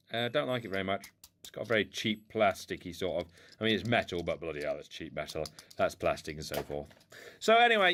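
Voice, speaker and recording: A man of medium pitch, with a little hiss or hum on the audio, casually unboxes old toy cars at home. The collector rambles along, playful and teasing himself.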